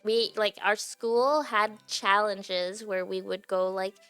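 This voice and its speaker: A woman's voice: medium pitch, steady tone, slow, fairly bright tone, clean tone, faint music behind. A young adult woman streaming, chatting casually to her viewers, giggly and filling her talk with "like". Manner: chatty and giggly, heavy use of "like" fillers. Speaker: livestreamer.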